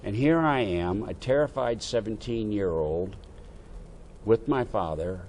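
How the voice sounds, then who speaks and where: Older guy, kinda low voice, telling an old navy story, bit of room hiss. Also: measured pace. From United States. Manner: animated anecdote-telling with quoted dialogue. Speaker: veteran interviewee. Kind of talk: oral history storytelling.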